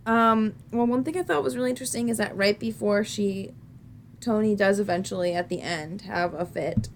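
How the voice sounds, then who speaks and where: A woman's voice: mid-range voice, moderate pace, a little hiss or hum. A woman co-hosting a podcast, chatting candidly and jokingly about a film and laughing often. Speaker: podcast co-host.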